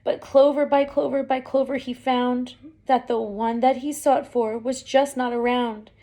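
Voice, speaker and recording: A woman reading a rhyming picture book aloud, with expressive storytelling and small asides. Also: high-pitched, unhurried. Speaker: reader.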